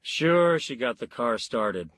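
A plain-spoken scientist sounds glum and matter-of-fact, voiced by a man reading a story aloud. The voice stays close to the reader's own, with a husky grain and a dry, close sound. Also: medium pitch, big pitch swings, takes it slowly, fairly bright tone, no echo, exaggerated voice. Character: baffled scientist friend, adult man, glum.

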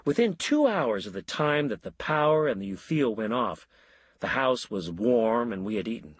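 A man narrating a story in an expressive audiobook style, voicing all the characters. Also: medium pitch, moderate pace, slightly rough, no room sound.

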